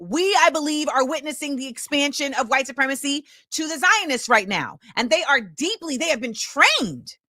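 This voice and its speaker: A woman's voice: high voice, lively intonation, normal speed, few pauses, bright, forceful tone, dry recording, studio quality. A woman hosting her own show, delivering an impassioned film commentary monologue and repeating key phrases for emphasis. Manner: opinionated and impassioned. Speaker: show host.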